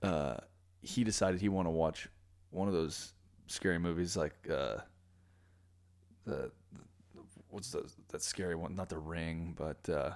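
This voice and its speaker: Deep-voiced man telling stories casually. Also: measured pace. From Orange County, California. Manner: animated storyteller, acts out quoted voices. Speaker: podcast host. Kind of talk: casual chat, storytelling.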